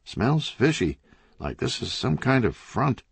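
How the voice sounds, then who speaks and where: A man's voice: medium pitch, sing-song, unhurried, vocal fry, breathy edge, dry recording, voice pushed up, full character voice. A man voicing a suspicious male TV news director with a wry, knowing manner.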